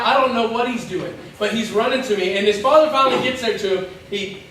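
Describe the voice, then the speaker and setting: A young man preaching a sermon as pastor, telling the story lively and acting out its voices with quick asides. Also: high-pitched, a little hiss or hum. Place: church. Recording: echoey church hall from far off.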